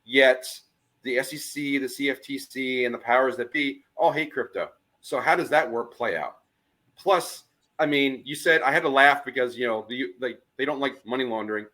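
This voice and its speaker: Man, mid-pitched voice, podcast co-host, skeptical, casual. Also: a bit bright. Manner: skeptical, speculative.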